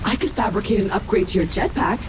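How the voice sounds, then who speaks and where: A woman's voice: mid-range voice, fast talker, background noise, close to an everyday voice. A woman voicing a chipper, helpful female AI companion in a video game, bubbly and dryly businesslike. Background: game music.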